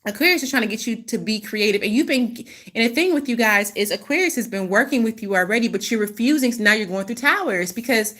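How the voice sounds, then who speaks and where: A woman's voice: fairly high pitch, animated, quick pace, few pauses, a bit bright. A woman hosting a casual channeled reading, rambling, with many restarts and apologies. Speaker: intuitive reader, host.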